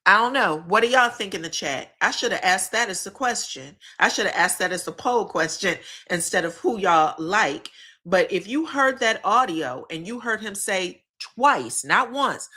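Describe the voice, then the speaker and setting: Bright-voiced woman recapping reality TV. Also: medium pitch, animated, moderate pace. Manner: candid, slangy, repeats herself for emphasis. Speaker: reality TV commentary host. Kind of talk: casual live-stream recap with chat.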